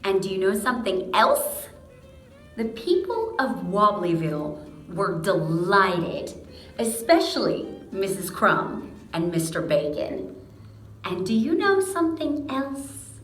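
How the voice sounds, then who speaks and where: A woman reading a picture book aloud to young children in a slow, animated storytelling voice, speaking to them directly. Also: mid-range voice, faint music behind. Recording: echoey room.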